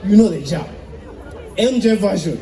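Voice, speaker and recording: A man from Uganda with a Ugandan English accent, doing stand-up comedy with animated storytelling. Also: high voice, normal speed, echoey room, a faint crowd, low-quality recording. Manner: animated storytelling with sung bits.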